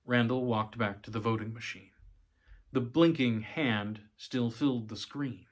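At a measured pace and in a mid-range voice, a man narrates a short story as if recording an audiobook, occasionally tripping over small words and livening up his delivery for the characters' dialogue.

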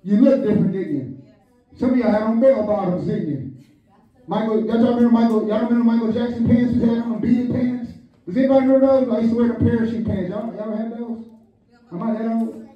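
Older pastor, lively joking sermon, high voice, muffled distant recording in a big echoey church. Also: male voice, a little fast. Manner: call-and-response preaching, joking asides. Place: church sanctuary. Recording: echoey hall, distant, dull lo-fi.

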